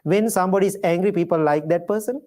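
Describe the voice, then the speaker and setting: A man, a Buddhist monk, giving a dharma talk in gentle storytelling with simple, repeated phrases. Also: high-pitched, fast. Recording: live talk to an audience.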